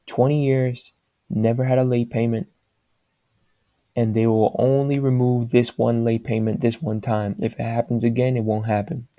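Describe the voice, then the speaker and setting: A man's voice: mid-range voice, level tone, moderate pace, no room sound, phone-quality sound. A man giving his opinions in a casual, rambling monologue that wanders from point to point. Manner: rambling, digressive and plain-spoken.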